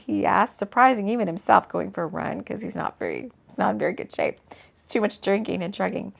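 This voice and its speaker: A woman, an author, reading her own book aloud in a relaxed way, breaking off for casual asides. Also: medium pitch, a little fast, gravelly. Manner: chatty, laughs at her own slips and comments mid-reading.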